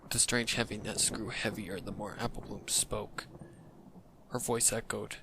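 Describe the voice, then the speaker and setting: A man narrates a dark fan fiction reading in a low, gravelly voice. His delivery is measured and often sinks into whispers. There is steady noise in his home recording.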